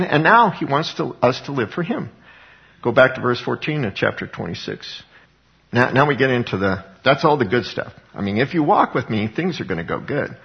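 A man's voice: mid-range voice, big pitch swings, a little fast, vocal fry. Man preaching conversationally, dull lo-fi sound. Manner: conversational, voicing scripture quotes dramatically, chuckling often. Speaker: Bible teacher. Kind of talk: informal sermon. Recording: dull lo-fi recording.

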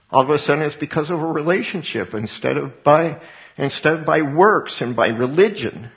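A man's voice: on the high side, vocal fry, lo-fi sound. An older man teaching a sermon in a conversational way, with personal asides between Bible readings. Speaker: pastor.

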